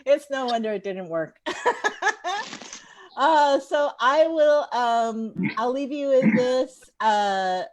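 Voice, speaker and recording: Woman comic, forties, lively up-and-down voice, slightly high, laughs at own jokes. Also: slow pace, slight background noise. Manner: animated storytelling, laughs at her own jokes. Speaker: stand-up comedian. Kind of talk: stand-up set over a live stream. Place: home bar.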